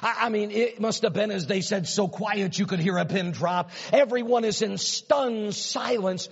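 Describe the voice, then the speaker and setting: A man preaches a sermon in a high, husky voice, telling the story with big dramatic swings between quiet murmurs and ringing peaks. His voice carries a long reverb in a church hall, and the recording sounds a little dull. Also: moderate pace. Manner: dramatic storytelling, swinging from hushed low lines to loud high exclamations.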